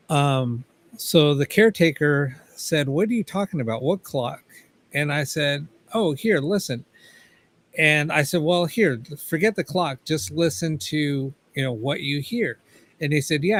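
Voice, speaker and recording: A man's voice: a little high, fairly bright tone. A man, a paranormal investigator, casually telling a story as a guest, swearing freely and acting out the dialogue.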